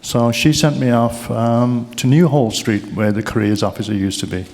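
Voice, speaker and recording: Speaking in a mid-range, darkish voice with a steady tone at normal speed, an older Brummie man delivers an anecdotal keynote. He tells stories conversationally and jokes with the crowd, and the large awards hall adds a long reverb.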